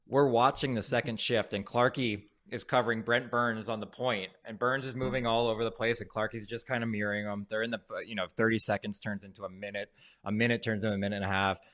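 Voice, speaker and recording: Low-voiced man telling animated stories. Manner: animated, laughing and swearing as he tells stories. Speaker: former pro hockey player, podcast co-host. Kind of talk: casual storytelling chat.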